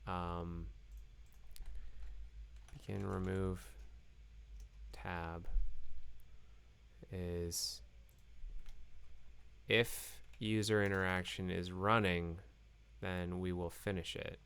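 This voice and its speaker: A low, gravelly male voice that talks slowly while he codes, stopping and correcting himself as he works things out. He sounds like he is losing his voice, and keys clicking can be heard behind him. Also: level tone, a bit bright. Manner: halting, full of fillers and self-corrections. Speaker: programmer live-coding host. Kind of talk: thinking aloud while live coding.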